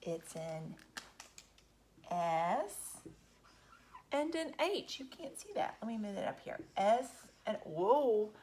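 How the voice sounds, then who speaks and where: A woman's voice: a little high, lively intonation, moderate pace, hardly any pauses, a little mellow, a little hiss or hum. A woman teaching a reading lesson to young children. She talks patiently, draws out letter sounds and asks the children questions.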